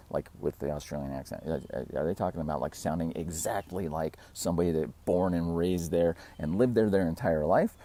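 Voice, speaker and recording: This fitness channel host's voice sits low with a dark tone. On his own channel he speaks casually to the camera, rambling, laughing at himself, and acting out quotes.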